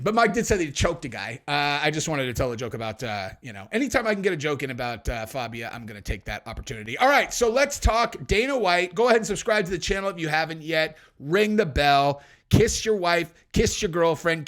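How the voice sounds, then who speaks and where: A man hosting a podcast, telling stories and commenting in a brash, animated, profane way. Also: a little high, a little fast, hardly any pauses. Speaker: podcast host.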